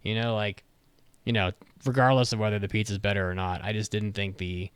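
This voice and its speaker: A man on a podcast tears into a show in a blunt, swear-laden rant. His voice is smooth and clear. The recording is dry and close, with no room sound. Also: lowish voice, flat delivery, fairly quick, no echo. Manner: blunt, profane, ranting. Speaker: podcast co-host. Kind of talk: casual review chat.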